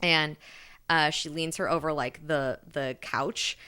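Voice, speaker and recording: A woman co-hosting a podcast, recapping a book in casual chat, animated, with frequent laughs and fillers. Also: low voice, takes it slowly, clean tone. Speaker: podcast co-host.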